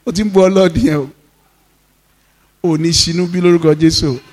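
A male pastor with a Nigerian accent preaching a sermon, reading scripture slowly and breaking into emphatic, rising declarations. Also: on the high side, steady tone, darkish tone. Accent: Nigerian, Yoruba-speaking. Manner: mixes in Yoruba phrases.

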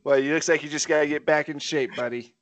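A man's voice: a little high, steady tone, quick pace. A man co-hosting a podcast, teasing his friends in laid-back, casual banter. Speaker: podcast co-host.

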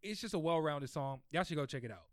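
A man co-hosting a casual music podcast, talking in a slightly high voice. He jokes, laughs and ribs his partner. The sound is dry and close to the mic. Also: fast talker, no echo. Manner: animated, laughing, playful ribbing. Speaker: podcast co-host. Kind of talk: casual music review chat.

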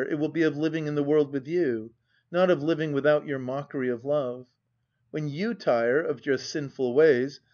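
A man reading the part of a wronged young wife, speaking in a cold, measured, dignified way. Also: fairly high pitch, darkish tone, highs cut off, close to an everyday voice.

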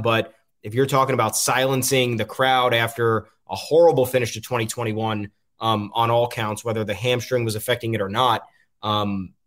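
A man's voice: medium pitch, fairly bright tone. A man hosting a casual sports talk show, rambling and frustrated, with frequent ums. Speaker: podcast host.

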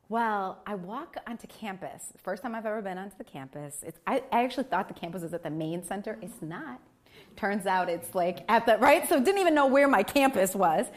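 Animated woman telling stories at a mic. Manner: animated, acts out family voices with big pitch jumps. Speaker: keynote speaker. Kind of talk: lively storytelling speech. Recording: live event in a cafe.

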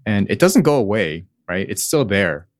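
A man's voice: fairly low pitch, big pitch swings, moderate pace, no echo, studio quality. A man talking as a guest in casual conversation, reflective and laughing now and then. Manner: reflective, laughs while he talks.

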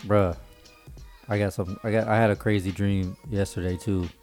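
A man with a lower voice tells a story in a loose, joking way, swearing freely and teasing his friends as he goes. Faint music sits behind him. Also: fairly even intonation, a little fast, darkish tone. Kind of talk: casual storytelling chat.

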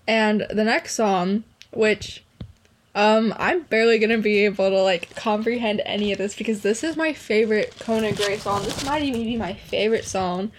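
A woman's voice: medium pitch, normal speed, a little hiss or hum. A young woman casually chatting about songs she loves, gushing and emotional, with lots of "like". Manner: gushing, emotional, heavy use of "like". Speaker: podcast host. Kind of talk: casual music review chat.

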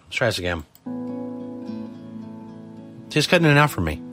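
Husky, profane man ranting on air. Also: lowish voice, lively intonation, a little fast, pauses often, fairly bright tone, dry recording, faint music behind. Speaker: podcast host. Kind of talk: casual live show talk. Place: studio.

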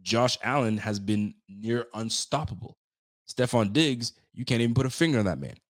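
A man's voice: medium pitch, normal speed. A man hosting a casual sports talk show, ranting emphatically, trash-talking and often repeating himself.

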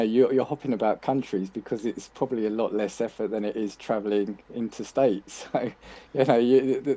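A British man on a podcast, chatting in a relaxed, self-deprecating way and laughing as he talks. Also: medium pitch, breathy edge. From Britain. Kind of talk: casual chat.

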